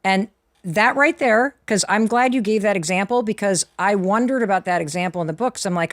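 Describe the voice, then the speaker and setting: A woman's voice: mid-range voice, brisk, no room sound, studio quality. A woman appearing as a guest author on a podcast, confidently explaining her idea in a coaching tone. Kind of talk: podcast interview.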